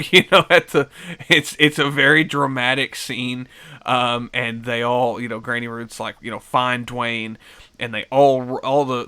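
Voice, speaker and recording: A man's voice: medium pitch, bright, forceful tone, clear, resonant tone. A man giving a casual, rambling film review, full of fillers and restarts. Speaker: movie reviewer.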